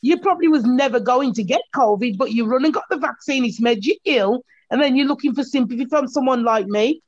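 A woman's voice: high voice, fairly quick, no echo, lo-fi sound. A blunt, opinionated woman in a casual podcast chat, speaking without apology.

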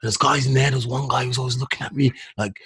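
A man's voice: mid-range voice, fairly even intonation, fast, fairly bright tone, husky. A man hosting a casual podcast chat, laid-back, peppering his talk with "man" and "dude". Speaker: podcast host. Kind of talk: casual banter.

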